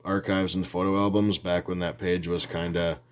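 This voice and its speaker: A man's voice: low voice, little pitch movement, normal speed. A man talking casually about his hobby in his home workshop, rambling and plain-spoken with frequent restarts. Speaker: hobby video host. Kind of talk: casual how-to talk.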